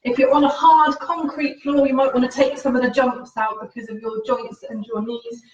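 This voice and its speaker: Out of breath a little as she exercises and talks, a woman instructor guides viewers through a streamed home workout that mixes in a faith reflection, keeping things upbeat and encouraging. She has a high voice, a level tone and a moderate pace, and the audio sounds roomy, distant and dull.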